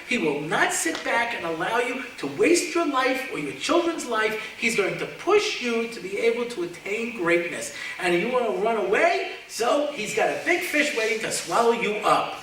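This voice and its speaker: A man's voice: high voice, a bit bright. Rabbi guy telling jokey stories, far off mic, background noise humming. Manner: storytelling, joking, folksy asides. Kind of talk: memorial lecture with humorous anecdotes. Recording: echoey room, distant mic, background noise.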